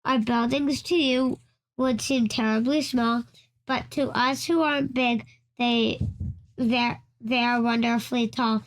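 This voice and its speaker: Woman voicing a tiny friendly mayor, storybook, eager, grateful, high, slow. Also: steady tone, close to an everyday voice.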